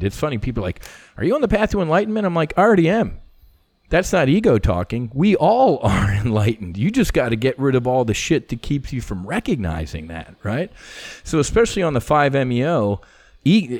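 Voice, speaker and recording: A middle-aged former fighter pilot tells stories as a podcast guest, animated and casual, swearing freely and using lots of "you know" fillers. His voice is medium in pitch, with no echo.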